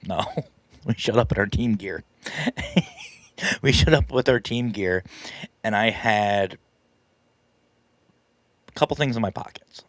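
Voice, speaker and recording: A man's voice: on the low side, a little slow, long pauses, no echo. A man hosting a live stream, casually telling a story in a chatty, self-deprecating way and laughing often. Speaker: paranormal team leader and live stream host.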